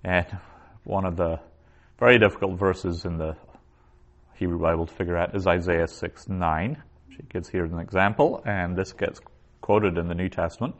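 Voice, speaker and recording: A man giving a methodical grammar lecture, pausing to sound out Hebrew phrases slowly. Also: deep voice, fairly even intonation, lo-fi sound. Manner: slow, methodical, reads Hebrew aloud syllable by syllable. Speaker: biblical Hebrew teacher.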